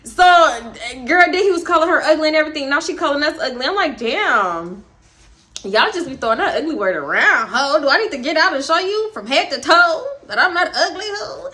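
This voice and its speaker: Animated high-voiced Southern woman storyteller. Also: brisk, hardly any pauses. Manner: animated, profane, acts out other people's lines. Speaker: storytime vlogger. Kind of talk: casual storytelling.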